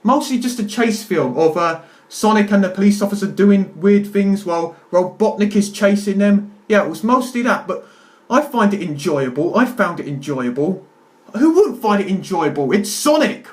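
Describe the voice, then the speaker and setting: A man's voice: high-pitched, expressive, normal speed. A young man rambling through a casual film review to camera at home, stammering and exaggerating for laughs. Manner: rambling, self-interrupting, jokey exaggeration. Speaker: video reviewer.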